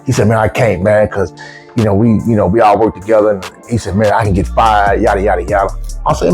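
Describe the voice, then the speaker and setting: A man with features, casually telling a travel story as a vlogger, swearing freely and jumping up in pitch when he quotes himself. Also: fast talker, faint music behind. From United States. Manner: animated, profane, rises sharply when quoting himself.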